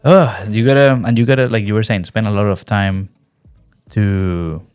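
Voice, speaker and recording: A man hosts a relaxed podcast chat as an English teacher. He talks in a lively way and often acts out the lines other people said. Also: on the low side, normal speed, smooth, faint music behind. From Venezuela. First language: Spanish. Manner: animated, acts out quoted lines in different voices. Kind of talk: casual chat.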